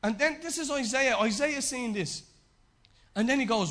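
High, bright-voiced male preacher. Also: moderate pace. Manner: swings between raised emphatic lines and hushed, low repetitions. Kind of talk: sermon.

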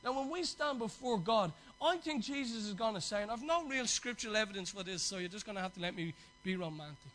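A man's voice: sits high, lively intonation, quick pace, hardly any pauses, a bit bright, a little hiss or hum, low-quality recording. A man preaching a sermon to his church, passionate and exhorting, with chatty asides.

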